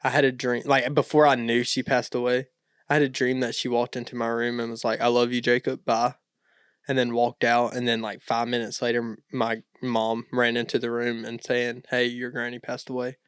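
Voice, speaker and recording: A man's voice: mid-range voice, moderate pace, clean tone, no echo, studio quality. A young man co-hosting a podcast, chatting casually and rambling through stories with lots of fillers. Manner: relaxed, rambling storyteller with many fillers. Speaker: podcast co-host. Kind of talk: casual chat.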